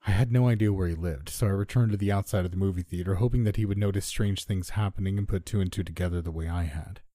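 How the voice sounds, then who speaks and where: Low, dark, husky male horror narrator. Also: no echo. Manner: measured, subdued storytelling. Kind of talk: scripted first-person horror narration.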